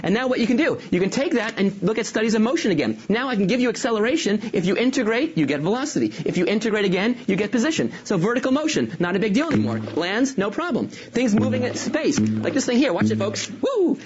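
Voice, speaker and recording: A calculus teacher giving a rapid, enthusiastic review lecture. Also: medium pitch, very animated, faint music behind. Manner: enthusiastic, upbeat explaining.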